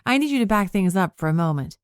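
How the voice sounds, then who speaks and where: A bold young witch with a sharp tongue who speaks firmly, as a woman reads her in an audiobook. The voice is a bit raised and dry. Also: medium pitch, animated, fast, clean tone, no echo, voice pushed up, lightly acted. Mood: defiant. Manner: firm, demanding. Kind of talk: audiobook character reading.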